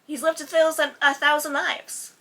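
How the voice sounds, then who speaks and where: A woman's voice: high-pitched, little pitch movement, normal speed, pushed and bright. A woman chatting casually about a sitcom while drawing at home, as host of a reaction video.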